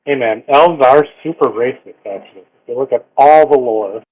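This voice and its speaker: A man playing a tabletop game, tossing in quick wry asides. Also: mid-range voice, a little mellow, breathy edge. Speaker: player. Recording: dull lo-fi mic.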